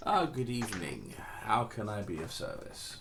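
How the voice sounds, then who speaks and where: A courteous shopkeeping blacksmith, as a man puts him on, answering customers in a rather low, slightly raised voice. He sounds fussy about his receipts and records. A faint background hum sits under him. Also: big pitch swings, normal speed, gravelly, fairly bright tone, full character voice. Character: polite male blacksmith shopkeeper, helpful.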